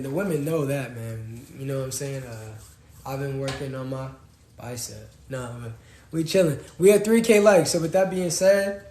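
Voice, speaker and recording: A young man, co-hosting a casual live-stream chat in an animated, slangy way. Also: moderate pace. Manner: animated, slangy, jumps from loud to low. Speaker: podcast co-host. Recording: roomy echo, faint noise.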